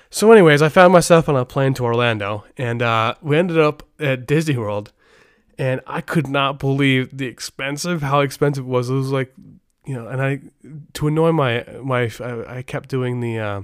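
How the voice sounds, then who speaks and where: A man's voice: medium pitch, moderate pace, clean tone, no room sound, studio quality. A middle-aged man hosting a podcast, chatting casually in a rambling way and often restarting his sentences. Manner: rambling, self-interrupting, frequent restarts. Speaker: podcast host.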